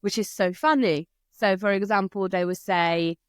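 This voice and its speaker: A woman with an Italian accent, a language teacher, chatting in an interview and telling stories lively, acting out her children's voices. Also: mid-range voice, moderate pace, clean tone, dry recording, clean studio sound. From Italy. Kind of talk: casual conversation.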